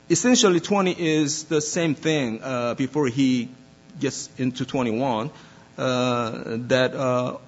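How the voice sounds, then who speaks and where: A man preaching a sermon as pastor, speaking deliberately with many pauses and fillers. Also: fairly high pitch, slightly rough, dull audio.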